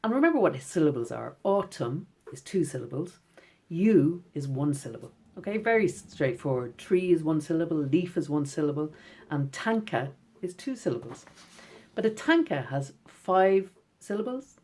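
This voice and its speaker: Low-voiced woman teaching children. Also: sing-song, slightly rough. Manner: gentle, encouraging, reads poems slowly. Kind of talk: recorded lesson for schoolchildren.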